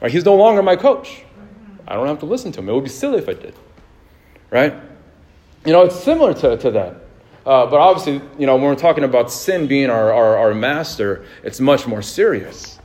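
A man's voice: medium pitch, big pitch swings, fairly quick, a little mellow. Man, 30s, pastor, loose conversational sermon delivery, mid-range voice. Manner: casual, anecdotal, laughs easily, many restarts.

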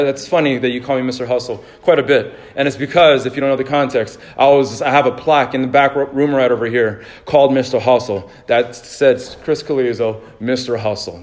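A man's voice: mid-range voice, a little fast, hardly any pauses, darkish tone. A man in his thirties preaching a sermon in a casual, conversational way, telling stories and laughing easily. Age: 30s. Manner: casual, anecdotal, laughs easily, many restarts. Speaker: pastor.

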